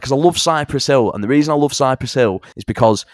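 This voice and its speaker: A man's voice: medium pitch, fast talker, no room sound. Chatty young man, dry close sound. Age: young adult. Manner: animated storyteller, swears, fond of impressions. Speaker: songwriter and musician. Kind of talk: casual interview chat.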